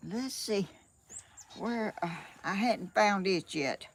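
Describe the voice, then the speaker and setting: A woman's voice: medium pitch, slow pace. An older woman with a Southern US accent, chatting casually and a bit flustered on a live stream from her home, laughing often. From Georgia, USA. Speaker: vlogger. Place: home, sunny room.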